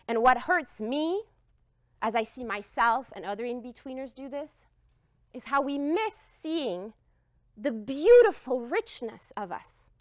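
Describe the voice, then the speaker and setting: A woman speaks in a high voice that swoops up and down, and her delivery is emphatic and heartfelt. She tells her story to the room with expressive energy, and the sound is close and dry, with no echo. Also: measured pace. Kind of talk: storytelling talk.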